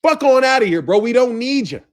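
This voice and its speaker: A man hosting a commentary channel, ranting loudly and profanely and laughing often between lines. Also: very high voice, animated, moderate pace. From United States. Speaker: boxing commentary channel host.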